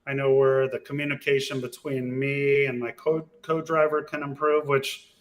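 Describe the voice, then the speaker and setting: A man's voice: medium pitch, normal speed. A man speaking as a podcast guest, telling racing stories in a laid-back, casual way. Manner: laid-back storyteller, animated when retelling races. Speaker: guest, off-road racer.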